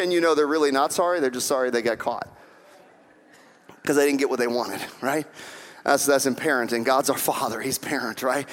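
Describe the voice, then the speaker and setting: A man's voice: medium pitch, fairly even intonation, fairly quick. A man preaching a sermon as pastor, acting out quoted voices and building to fervent emphasis. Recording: long hall reverb.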